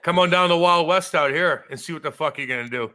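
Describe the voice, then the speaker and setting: A man's voice: on the high side, fast, pushed and bright. A man hosting a podcast in casual chat, brash and heavily profane, ribbing his co-host.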